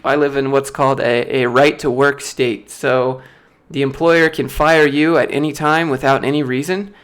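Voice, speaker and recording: A man's voice: mid-range voice, moderate pace, smooth. Chatty young man on a livestream Q&A. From United States. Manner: animated storyteller, mimics other people's voices in anecdotes; chatty, laughs often, frequent filler words. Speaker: YouTuber answering live chat questions. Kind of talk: casual livestream Q&A.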